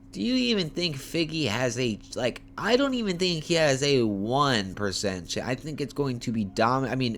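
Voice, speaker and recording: A man hosting a homemade fight-picks preview, talking in a lively, profane, joking way while tired and yawning late at night. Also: mid-range voice, a little hiss or hum. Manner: animated, profane, playful trash talk. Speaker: MMA fight picks host. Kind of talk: casual fight preview talk. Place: homemade setup.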